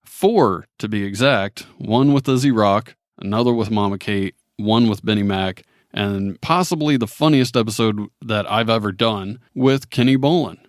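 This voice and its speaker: A man's voice: fairly low pitch, normal speed, hardly any pauses, no echo, clean studio sound. A man hosting a podcast, recapping the year in a friendly, casual way. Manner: friendly, laughs often. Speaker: podcast host.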